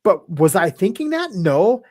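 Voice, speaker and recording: A man's voice: sits high, big pitch swings, measured pace, warm tone. A man hosting a casual talk show, rambling and hesitant, with lots of fillers and restarts and some casual swearing. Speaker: podcast host. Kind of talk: casual chat.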